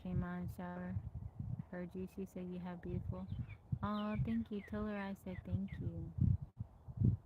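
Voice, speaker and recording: A woman's voice: on the low side, level tone, unhurried, long pauses, phone-quality sound, heavy background noise. A woman hosting a casual livestream, reading out folksy old sayings and greeting viewers by name. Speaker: livestream host.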